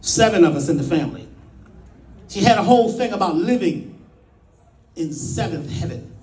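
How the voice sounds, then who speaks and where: High, lively man in an echoey room. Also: recorded from a distance. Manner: folksy, dramatic, drawn-out pauses. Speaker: spiritual speaker. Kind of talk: personal storytelling talk. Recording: echoey room, away from the mic.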